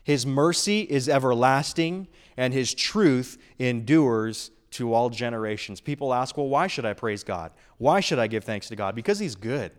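A man's voice: medium pitch, lively intonation, normal speed, few pauses. A middle-aged man preaching a sermon as a pastor in his church, earnest and building emphasis on key phrases.

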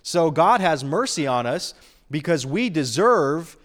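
A man's voice: fairly high pitch, very animated, a little slow, a bit bright. A middle-aged man preaching a sermon as a pastor in his church, earnest and building emphasis on key phrases.

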